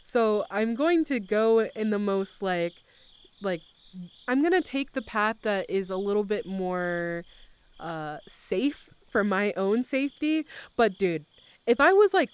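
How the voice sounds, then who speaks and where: A woman's voice: mid-range voice, expressive, takes it slowly, clear, resonant tone. A young adult woman chatting casually on a live stream, telling a story with lots of filler words and swearing. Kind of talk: casual chat.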